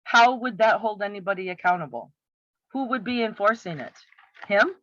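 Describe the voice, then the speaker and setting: Sarcastic commentator with a bright voice. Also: medium pitch, expressive, normal speed. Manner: sarcastic, exasperated rhetorical questions. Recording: slightly muffled, dry.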